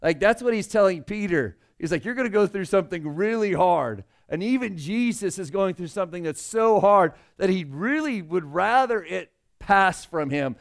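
Young guy pastor preaching, kinda high smooth voice, chatty and earnest, gets loud when it hits hard. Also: animated, normal speed, few pauses. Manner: conversational, earnest, swells loud on emotional points. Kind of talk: sermon.

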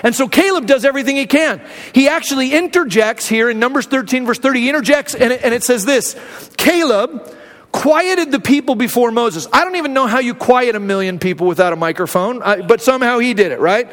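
A pastor with a strikingly high voice delivers a lively sermon, retelling scripture and acting out the quoted speakers. His voice rings out with a long reverb, as if recorded in a large church hall. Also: a little fast. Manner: animated storytelling, acting out quotes.

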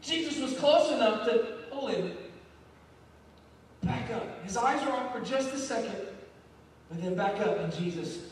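A male pastor with a high voice delivers a fervent, repetitive sermon full of rallying calls in a church sanctuary. His lively, measured speech pauses often and sounds distant and boomy, as if picked up from far back in a large reverberant hall, with soft music behind him and a little hiss or hum.

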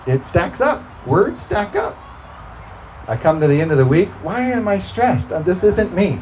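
A man's voice: sits high, big pitch swings, a little slow, a little mellow, a little hiss or hum, low-quality recording. A man preaching a sermon, talking through scripture in a conversational way and breaking into emphatic bursts.

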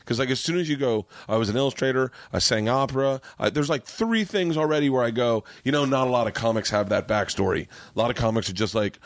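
A man's voice: medium pitch, fast talker, hardly any pauses, no room sound. A man hosting a podcast, chatting casually and telling anecdotes in a conversational way. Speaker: podcast host.

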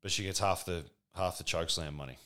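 Deep-voiced, crude comic. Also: male voice, fast talker, bright, forceful tone. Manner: rambling, crude, sardonic, full of fillers. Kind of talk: profane comedic monologue.

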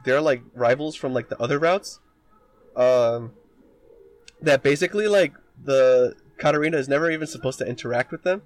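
A man's voice: mid-range voice, moderate pace. A man co-hosting a podcast, rambling through a story retelling with lots of filler words and casual swearing. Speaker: podcast co-host.

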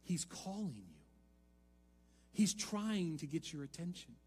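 A male pastor delivers a sermon in a dynamic way, dropping to hushed lines and then rising to loud, emphatic appeals. His voice sits high for a man. The sound carries a long hall reverb with faint music underneath. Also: very animated, unhurried, long pauses, breathy edge. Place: church sanctuary.

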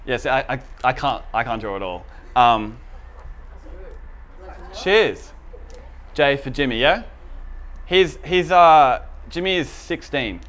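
A man's voice: medium pitch, slow pace, long pauses, a bit bright. Man, church teacher, informal chatty teaching talk, checks in with the room. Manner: chatty and informal, asks the audience for agreement.

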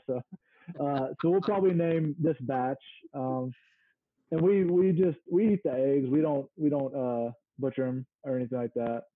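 A guest in a casual interview, this small farm owner from Mississippi, United States, talks easily while groping for words. The recording is dry and phone-narrow, and his voice is fairly high.

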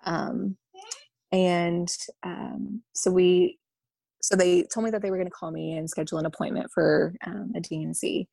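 A young adult woman candidly telling a personal story, halting and full of ums and you-knows. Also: lowish voice, level tone, gravelly, mellow, no room sound. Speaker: vlogger sharing a personal story.

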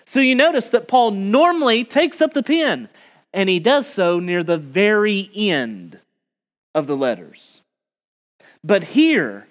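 A male preacher with a high-pitched voice delivers an expository sermon. He leans hard on key words, lifting his voice and slowing his pace to drive each point home. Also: very animated. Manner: emphatic, rising on key words and slowing for stress.

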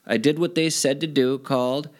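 A middle-aged man from Minnesota telling stories from his past in a casual interview, animated and climbing high when he gets excited. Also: normal speed. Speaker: guest storyteller.

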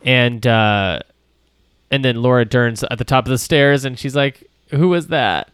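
A man on a casual film podcast, talking in an animated, rambling way with plenty of fillers and restarts. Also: mid-range voice, unhurried, clean tone, dry recording, studio quality. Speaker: podcast co-host.

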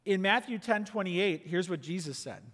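A man preaching a sermon in an earnest, emphatic way, often dropping to a quiet, intense tone. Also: high voice, normal speed, big-room sound. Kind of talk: sermon teaching.

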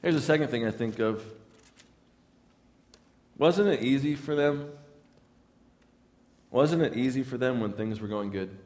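A man's voice: medium pitch, unhurried, pauses often, darkish tone, in a large hall. A man preaching a sermon in a conversational way, often repeating words as he restarts his lines. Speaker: pastor.

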